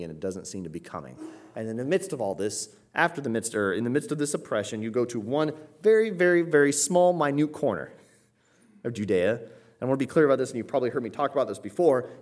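A man preaching an expository sermon, building to emphatic peaks and then dropping low and quiet. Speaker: pastor.

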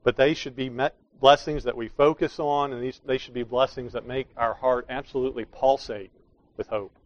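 A man's voice: medium pitch, fairly even intonation, moderate pace, no room sound, muffled recording. A man preaching a sermon, explaining scripture in an emphatic way that leans hard on key words. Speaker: pastor.

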